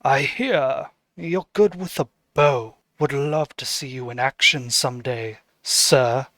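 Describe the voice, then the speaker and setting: A man voicing a mysterious cloaked nobleman in a tabletop game, speaking slowly, low and deliberately. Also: a bit bright. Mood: ominous.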